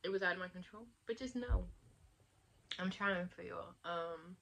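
A woman's voice: fairly low pitch, moderate pace, vocal fry, fairly bright tone. A young woman vlogging to camera in casual, rambling chat, laughing often and talking with lots of fillers.

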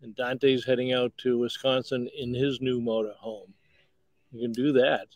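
A man's voice: mid-range voice, flat delivery, normal speed, darkish tone, no room sound, rough recording. A man hosting a casual show over a video call, chatty and teasing his guests. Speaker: host. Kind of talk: casual chat.

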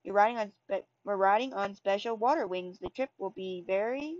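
A woman's voice: mid-range voice, moderate pace, darkish tone, lightly acted. Woman voicing a friendly lady juggler tour guide, stop-start reading, dull lo-fi sound. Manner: hesitant reading with restarts. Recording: dull lo-fi recording.

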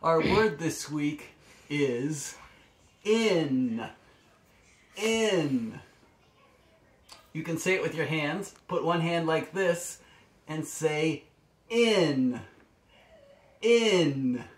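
A man working as a speech-language pathologist, giving a children's speech lesson from home and modeling single words slowly and deliberately. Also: a little high.

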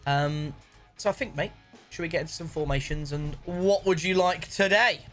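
A man's voice: a little high, normal speed, a bit bright, soft background music. A man hosting a casual football video game chat, jokey and calling his guest "mate". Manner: chatty, jokey, says "mate" a lot. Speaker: gaming channel host.

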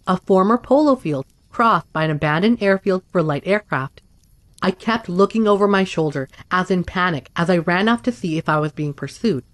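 A woman reading first-person accounts aloud in a steady, even scripted narration. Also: fairly low pitch, no echo. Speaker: story narrator.

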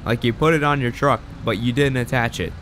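A man's voice: mid-range voice, fairly even intonation, a little fast, fairly bright tone, a little hiss or hum. A young man rambling through casual gameplay commentary, chatty and self-deprecating. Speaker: gaming channel host.

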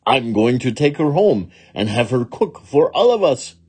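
A man's voice: mid-range voice, very animated, moderate pace, darkish tone, husky, pitched above the performer's own voice. A man voicing a wicked but oddly polite ogre in a children's storybook, speaking theatrically. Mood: sly.

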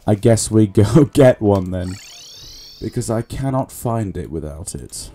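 A man with a low, mellow voice speaks slowly as he plays a video game. He keeps up a muttered running commentary for his viewers over faint background music. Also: expressive, slightly rough. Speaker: gaming channel host. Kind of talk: casual let's-play commentary.

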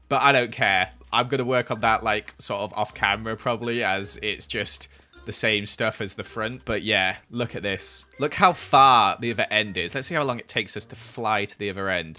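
A young man giving casual, excitable commentary over his gameplay in a voice-over. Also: mid-range voice. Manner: chatty and excitable, exclaims a lot. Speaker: gaming YouTuber.

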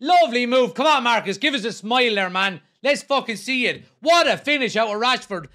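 Male fan, very high, bright voice, commentary-style reaction. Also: expressive, a little fast. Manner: enthusiastic, commentary-like, swears. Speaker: football fan. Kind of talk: live match reaction.

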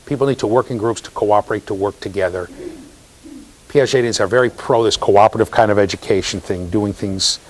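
A man's voice: on the low side, breathy edge. A man giving a classroom lecture in a conversational way, telling stories, checking in with students and acting out the voices of people he quotes. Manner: animated storyteller, acts out quoted voices. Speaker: university lecturer.

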